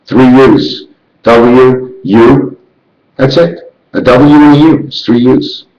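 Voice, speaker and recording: A man's voice: fairly even intonation, slow pace, reverberant, highs cut off. A man in a rambling monologue, chanting numbers and letters and jumping between ideas. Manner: rambling, rhythmic counting and chanting, sudden jumps in pitch.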